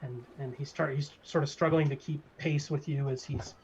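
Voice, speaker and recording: A man narrating as game master of a tabletop game, halting and restarting as he goes. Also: a little high, steady tone, darkish tone, breathy edge. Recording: slightly dull lo-fi mic, faint noise.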